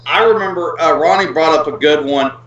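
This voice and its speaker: A guest on a casual live stream chat who tells stories excitedly, with swearing and laughter. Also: medium pitch, a little fast, echoey room, distant mic, lo-fi sound, crowd noise.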